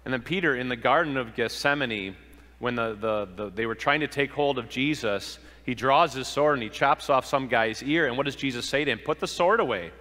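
A man's voice: medium pitch, fairly quick, pushed and bright, big-room sound. A man preaching a sermon, earnest, asking rhetorical questions and acting out the quoted lines. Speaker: pastor.

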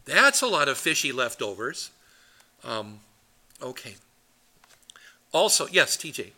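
Forceful, animated middle-aged pastor. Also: male voice, medium pitch, takes it slowly. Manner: animated, rambling storyteller. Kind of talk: Bible study teaching.

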